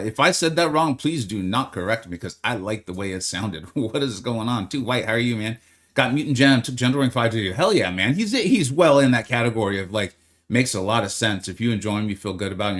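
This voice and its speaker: Upbeat man streaming a game live. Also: on the low side. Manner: upbeat, greets chat by name, chatty. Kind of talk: live stream chat with viewers.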